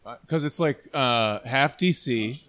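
A man from Maryland, a guest on a casual podcast, who explains at length in a relaxed, rambling way. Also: medium pitch, a little slow.

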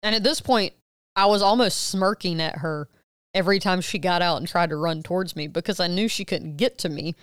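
A woman in her thirties co-hosts a podcast and tells a story in casual chat. She has a very clear, smooth, low-set voice and jumps up loudly whenever she acts out a quote. The recording is dry and close. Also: a little fast, dry recording. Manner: animated retelling with loud acted quotes and swearing. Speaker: podcast co-host.

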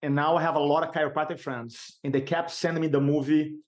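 Animated man telling a story. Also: on the high side. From Brazil. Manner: animated, emphatic storyteller with vivid pauses. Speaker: podcast guest. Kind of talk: personal storytelling.

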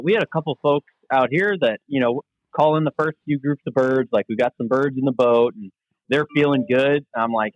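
A man as a podcast guest, telling lively stories about leading group outings in a casual, talkative way. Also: medium pitch, no echo, muffled recording. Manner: animated, anecdotal storyteller. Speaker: guest, veterans outdoor program leader. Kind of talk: casual interview storytelling.

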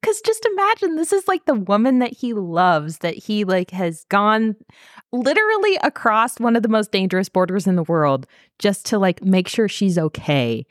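A woman's voice: mid-range voice, moderate pace, dry recording, clean studio sound. Chatty woman recapping a show. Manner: animated, swearing, many "like" fillers. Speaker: podcast co-host. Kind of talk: casual chat recapping a TV drama.

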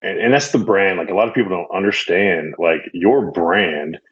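A man's voice: sits low, moderate pace, husky, highs cut off. A man hosting an interview, asking long, rambling questions full of fillers. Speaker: podcast host. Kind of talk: interview questions, casual chat.

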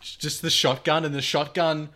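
A man co-hosting a podcast, talking excitedly about a film and laughing often. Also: on the high side, normal speed. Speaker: podcast co-host. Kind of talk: casual movie chat.

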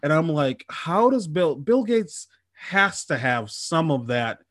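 A man's voice: on the high side, sing-song, slow, a bit bright, no room sound, clean studio sound. A man co-hosting a comedy podcast, chatting casually, swearing and riffing in joking mock voices. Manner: profane, jokey, riffs in mock voices. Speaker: podcast co-host.

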